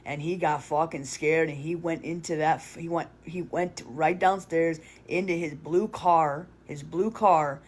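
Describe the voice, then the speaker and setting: A woman's voice: low-pitched, fairly even intonation, unhurried, few pauses. A woman telling a personal story in a confessional vlog, rambling with restarts and fillers, and blunt with casual swearing.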